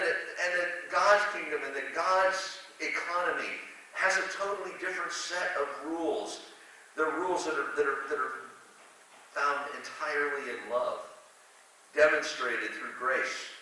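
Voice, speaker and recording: A man's voice: on the high side, a little slow, sharp tone. Man preaching in an echoey church. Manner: conversational, self-deprecating with asides and restarts. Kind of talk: sermon. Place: church sanctuary. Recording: echoey church hall from a distant mic with hiss.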